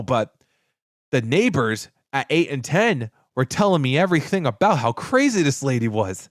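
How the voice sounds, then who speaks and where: At normal speed, a man co-hosting a podcast recounts a story in casual, cursing chat, animatedly impersonating those he quotes with big jumps in pitch. The recording is dry and the studio sound clean.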